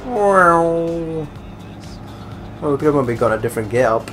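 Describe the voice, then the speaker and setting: A man's voice: fairly high pitch, expressive, a little slow, a bit bright, faint music behind. A man giving casual, rambling gameplay commentary, swearing a lot and joking around. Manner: swearing, rambling, jokey, breaks into song. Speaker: let's play gamer.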